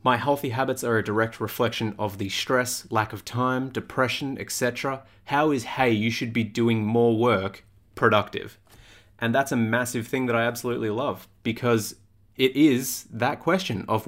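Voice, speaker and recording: A man's voice: mid-range voice, steady tone, moderate pace, a bit bright. A young man hosting a podcast as a fitness coach, talking in a blunt, casual way with frequent swearing.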